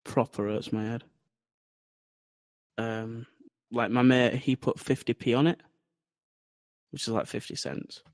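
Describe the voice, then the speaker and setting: Bloke co-hosting a podcast, rambling, sweary storyteller, dry close sound. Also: male voice, medium pitch, fairly even intonation, unhurried, long pauses, a little mellow, no room sound. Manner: rambling, swears freely, tells anecdotes. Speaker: podcast co-host. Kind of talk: casual chat.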